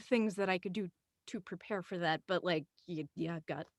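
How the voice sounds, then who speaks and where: A woman's voice: fairly low pitch, normal speed, no echo. A woman voice actor talks on a panel over a video call. She rambles and makes fun of herself, using plenty of fillers. The sound is dry and close. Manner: rambling, self-deprecating, many fillers. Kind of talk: casual panel chat.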